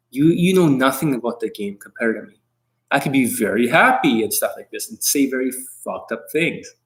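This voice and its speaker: A man's voice: mid-range voice, a bit bright, low-quality recording. A man coaching on dating in a livestream monologue, brash and combative, swearing often and boasting about himself in the third person.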